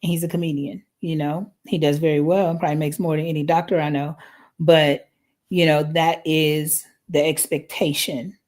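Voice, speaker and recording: A woman's voice: low-pitched, darkish tone. A woman hosting a live parenting podcast from the United States, talking conversationally and often checking in with "right?". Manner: conversational, frequent "right?" tag questions.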